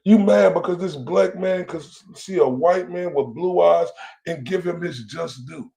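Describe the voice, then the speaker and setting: Gravelly, taunting man ranting on stream. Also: a little high, measured pace, warm tone. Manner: profane, taunting, confrontational. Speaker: livestream host. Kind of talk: heated livestream rant. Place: lives in Dallas, Texas.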